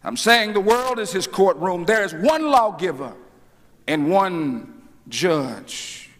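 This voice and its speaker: A male minister preaching a sermon, asking the congregation questions and swinging between booming calls and hushed asides. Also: animated, slow. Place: church sanctuary. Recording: church hall with long reverb.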